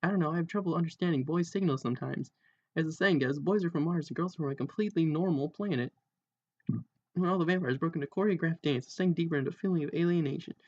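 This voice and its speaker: A man's voice: on the high side, quick pace. A man reading a parody book aloud, dry and amused, with asides and laughter at the jokes. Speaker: reader. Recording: dull lo-fi home recording.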